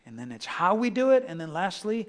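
Preacher guy, pretty high voice, gets loud then real quiet, asks the congregation stuff, big church echo. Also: big pitch swings, brisk. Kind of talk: sermon. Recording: long hall reverb.

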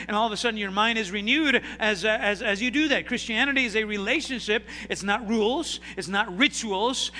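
A man preaching a sermon, calling out to the congregation for responses and swinging sharply between loud and quiet delivery. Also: high-pitched, long reverb tail. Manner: call-and-response preaching, dramatic swings in loudness. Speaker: pastor.

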